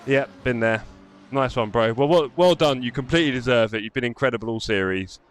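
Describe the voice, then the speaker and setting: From his home sim racing setup, a man with a medium-pitched, fairly quick voice hosts a live stream, commenting on the race, chatting, and congratulating drivers afterward.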